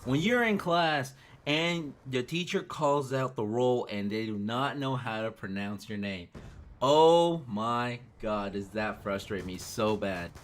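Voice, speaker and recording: A man's voice: medium pitch, measured pace. Chatty young man telling stories. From United States. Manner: chatty, animated, acts out quoted lines. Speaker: gaming YouTuber. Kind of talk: casual storytelling over gameplay.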